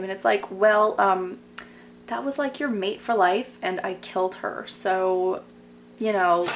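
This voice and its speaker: A woman's voice: mid-range voice, unhurried, fairly bright tone, slight background noise. A young woman in a casual TV recap vlog, chatty and gossipy, filling her talk with "like" and sarcastic asides. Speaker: vlogger.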